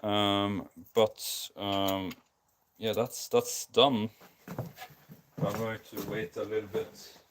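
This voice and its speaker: A man's voice: on the low side, level tone, slow, slight background noise. A tired man with a Scandinavian accent, rambling casually with many ums and restarts while building a guitar live. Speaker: streamer. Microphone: basic non-professional mic.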